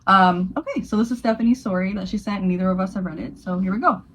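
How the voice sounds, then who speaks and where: A woman's voice: mid-range voice, fast talker, a little hiss or hum, poor audio. A young woman co-hosting a casual podcast, chatty and laughing often, reading a listener's story aloud and stumbling over words. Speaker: podcast co-host.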